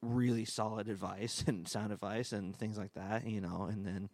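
A laid-back man with a fairly low voice chats casually on a church staff podcast. He rambles and restarts, laughing often, recorded close and dry in a sound booth. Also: fairly even intonation, normal speed, darkish tone, dry recording. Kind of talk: casual chat.

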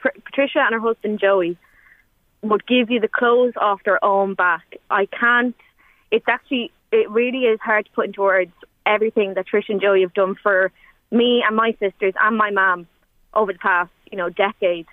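A woman in her twenties from Ireland calls in to a radio phone-in, her medium-pitched Irish-accented voice coming through a tinny, dry phone line. She rambles in an emotional, chatty way, packing her speech with fillers.

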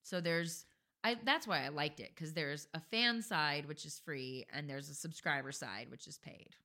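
A woman's voice: sits low, normal speed, sharp tone. A woman co-hosting a podcast in casual chat, blunt and chatty, swearing casually. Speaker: podcast co-host.

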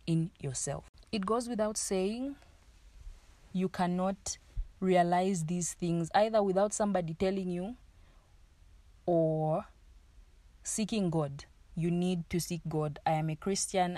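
A woman's voice: fairly low pitch, warm tone, dry recording. A young woman hosting a podcast, talking in a casual, earnest, encouraging way and repeating phrases for emphasis. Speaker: podcast host. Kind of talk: casual motivational monologue.

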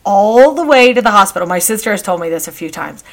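A middle-aged woman hosting a podcast, telling family stories in a chatty, meandering way with frequent pauses and restarts. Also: mid-range voice, animated. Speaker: podcast host. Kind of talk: casual storytelling monologue.

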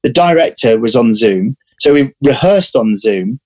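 A man talking as an interview guest, animated and chatty, often breaking off and restarting his sentences. His pitch sits in the middle range for a man. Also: moderate pace, slightly rough. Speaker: actor guest. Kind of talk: casual interview chat.

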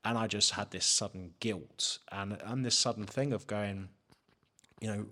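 Frank man with a bright edge. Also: lowish voice, moderate pace. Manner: frank, swears freely, acts out his own inner questions. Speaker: podcast guest. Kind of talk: candid personal story.

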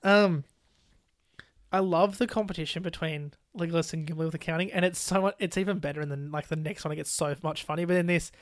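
A lively podcast co-host in easy film talk, stringing thoughts together with "like" and jumping into quoted lines from scenes. The voice is close and dry, with no room sound. The pitch stays at an ordinary middle level. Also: quick pace, no room sound. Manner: animated, full of "like" fillers, laughs while retelling scenes. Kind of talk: casual film discussion.

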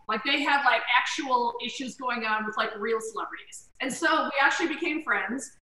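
Bright high-voiced woman telling stories, roomy. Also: normal speed, far from the mic, slight background noise. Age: middle-aged. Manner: animated storyteller who acts out quoted voices. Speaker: guest comedian. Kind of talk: casual storytelling chat. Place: home kitchen. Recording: roomy, from off the mic.

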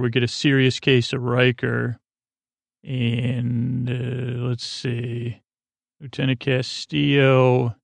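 Halting, gravelly man recapping an episode. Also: mid-range voice, no room sound. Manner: rambling, halting, lots of fillers and restarts; paraphrases characters in a loose, jokey way. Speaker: podcast host retelling an episode. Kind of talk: soft-spoken bedtime recap.

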